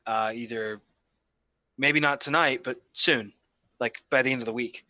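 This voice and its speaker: A man playing a tabletop role-playing game, trading deadpan, grumbling banter with the others. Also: mid-range voice, measured pace, no room sound. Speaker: player. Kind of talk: tabletop role-play chat.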